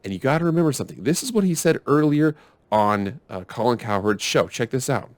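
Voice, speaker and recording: A man's voice: mid-range voice, big pitch swings, a little fast, dry recording. A man hosting a casual sports commentary video, rambling and arguing back and forth with himself. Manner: rambling, self-arguing, restarts often.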